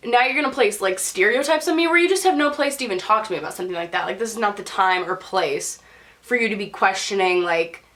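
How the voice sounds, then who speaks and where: A woman's voice: medium pitch, fast talker, fairly bright tone. A young woman telling a personal story to camera in a chatty vlog style, filling her sentences with "like" and acting out what people said. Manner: chatty, lots of "like", quotes people in put-on voices. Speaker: vlogger.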